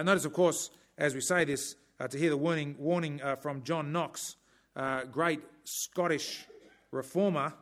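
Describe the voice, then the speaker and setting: A man delivers a sermon with a slightly raised pitch, stressing key phrases in a measured, emphatic way. Every so often he breaks off for a dry, humorous aside before returning to his point. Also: a bit bright. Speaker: preacher.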